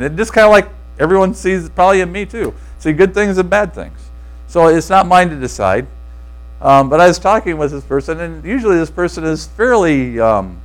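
A male preacher with a fairly high voice tells a story from the pulpit in an easy, conversational way. He stumbles and restarts his sentences and turns to speak directly to the congregation with asides. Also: low-quality recording. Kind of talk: informal sermon storytelling.

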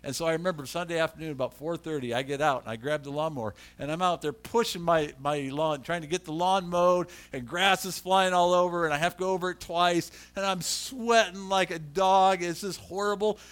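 A man's voice: a little high, brisk, hardly any pauses, clear, resonant tone. A middle-aged man preaching a sermon, telling stories and acting out the voices of the people in them. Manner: animated, acts out voices in his stories. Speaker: pastor. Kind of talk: storytelling sermon.

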